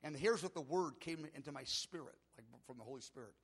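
A man's voice: on the high side, a little fast, husky. A middle-aged man preaching a sermon, telling a personal story with earnest emotion that builds in intensity. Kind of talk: sermon testimony.

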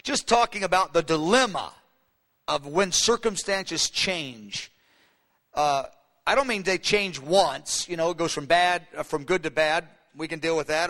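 A man preaching a sermon as pastor, animated, acting out the voices of Bible figures. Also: high voice. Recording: long hall reverb.

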